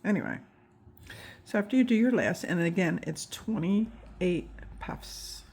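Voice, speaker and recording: A woman walks viewers through a crochet pattern, counting each stitch aloud and adding friendly asides. Her voice is husky with a gravelly edge, and she talks at an unhurried, slow pace. She has the hiccups. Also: on the low side, expressive, a little mellow. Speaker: crochet instructor. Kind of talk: step-by-step craft tutorial.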